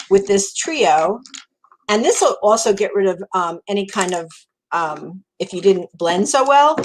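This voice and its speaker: A woman's voice: medium pitch, slight background noise, low-quality recording. A woman with a New Jersey accent giving a live makeup tutorial in a chatty, encouraging way, repeating words for emphasis. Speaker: makeup demonstrator.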